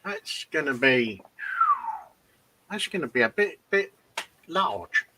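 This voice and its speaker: A man's voice: on the high side, very animated, slow, sharp tone, a little hiss or hum. A man co-hosting a hobby livestream, chatting casually and hesitantly with several restarts. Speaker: livestream co-host. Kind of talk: casual chat.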